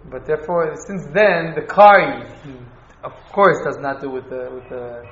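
A man teaching an informal class on Jewish law, halting and restarting as he explains. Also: fairly high pitch, fairly bright tone. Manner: halting, restarts, Hebrew and Yiddish terms. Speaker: Torah teacher. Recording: echoey, dull room recording.

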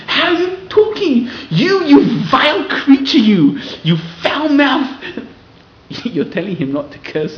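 A man giving a lively Torah class to a live audience, acting out quoted people in raised voices. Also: fairly high pitch, a little hiss or hum. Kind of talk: lively sermon-style Torah lecture. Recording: roomy, slightly dull hall recording.

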